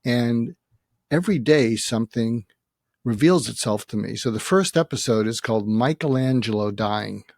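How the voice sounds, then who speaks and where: A man in his seventies, a psychiatrist guest, talking earnestly and haltingly in a reflective interview, emotional as he faces his own death. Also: medium pitch, lively intonation, a little mellow, no echo, studio quality. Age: 70s. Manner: earnest, halting, many restarts and fillers.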